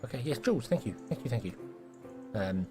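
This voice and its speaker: A man's voice: mid-range voice, big pitch swings, a little fast, music in the background. A man giving casual, self-mocking commentary while live-streaming a building game, playfully scolding the characters in it.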